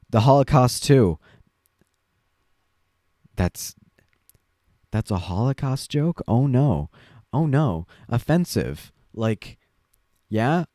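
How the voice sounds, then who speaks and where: A man's voice: mid-range voice, darkish tone, no room sound, clean studio sound. A young man hosting a podcast, telling a story in a rambling, wry way with lots of fillers. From Chinese family background. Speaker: podcast host. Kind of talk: casual monologue.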